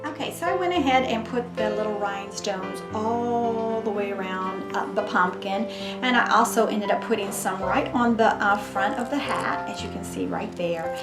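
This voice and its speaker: A woman's voice: mid-range voice, normal speed. A woman hosting a crafts tutorial, talking in a chatty, gushing way as she demonstrates. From Mississippi, US. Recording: roomy echo with background music.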